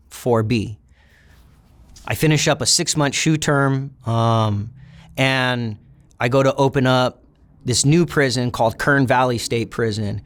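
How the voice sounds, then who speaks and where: Blunt-talking man telling a prison story. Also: mid-range voice. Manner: blunt, swears freely, many fillers. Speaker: interviewee. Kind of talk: casual storytelling interview.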